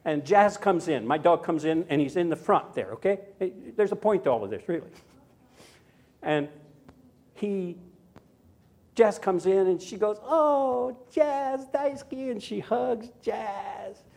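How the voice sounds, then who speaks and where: Chatty older male pastor, slightly high voice. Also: lively intonation, measured pace, long pauses, darkish tone. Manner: chatty, anecdotal, frequent asides and tag questions. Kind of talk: sermon with personal story.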